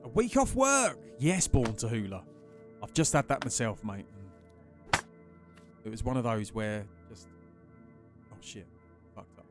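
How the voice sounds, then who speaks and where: A man's voice: lowish voice, measured pace, long pauses, soft background music. A man chatting casually and swearing as he streams a game, greeting his chat by name. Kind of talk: casual live-stream commentary while gaming.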